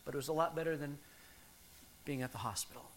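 A man in his fifties preaching a sermon, reflective and measured with pauses. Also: on the high side, steady tone, slight background noise. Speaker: pastor.

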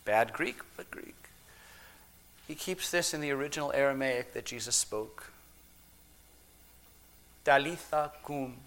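Slow, measured male preacher. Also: fairly high pitch. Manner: slow and measured, with long pauses and shifts between soft and loud. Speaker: pastor. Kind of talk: sermon.

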